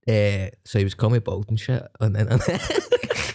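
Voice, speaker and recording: Gravelly, animated man. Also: on the low side, moderate pace. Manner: rambling anecdotes with frequent laughter. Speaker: comedian guest. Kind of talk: casual podcast chat.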